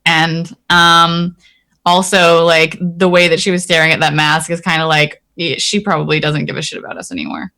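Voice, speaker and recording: A woman's voice: deep voice, normal speed, sharp tone. A woman playing a tabletop game, wry and a bit indignant. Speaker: player. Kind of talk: casual tabletop play.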